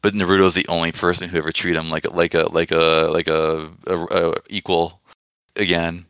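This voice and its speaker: A man with a very low, smooth and crisp voice co-hosts a podcast. He rambles in a casual way, sarcastic and swearing freely. The sound is dry and close. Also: little pitch movement, a little fast, fairly bright tone, dry recording. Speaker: podcast co-host. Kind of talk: casual chat.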